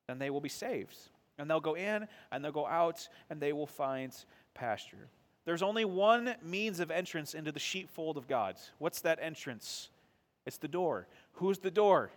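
A man's voice: fairly high pitch, fairly bright tone. A man pastor preaching a sermon in a conversational way, asking the congregation questions and answering them himself.

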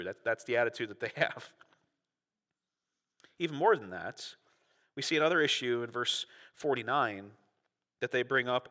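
A man's voice: mid-range voice, lively intonation, normal speed, pauses often, sharp tone, long reverb tail. A man preaching a sermon as pastor, earnest and conversational, often restarting and repeating words.

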